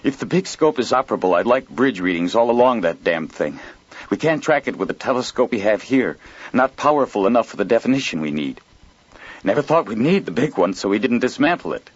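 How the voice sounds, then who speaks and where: A man voicing a gruff older male colony commander who swears in outbursts. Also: medium pitch, sing-song, a little fast, highs cut off, voice pushed up. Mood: choked.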